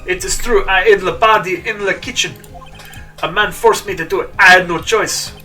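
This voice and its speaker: A man's voice: high voice, moderate pace, sharp tone, far from the mic, soft background music. Man putting on a panicky French chef. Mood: confessing. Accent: exaggerated fake French. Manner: pleading, theatrical. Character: frightened male French chef witness.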